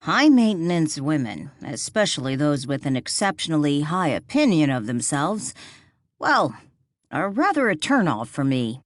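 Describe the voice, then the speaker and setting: A woman's voice: low voice, sing-song, moderate pace, no echo. A woman voicing a laid-back man with dry humor in an audiobook. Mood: wry. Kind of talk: audiobook character voice.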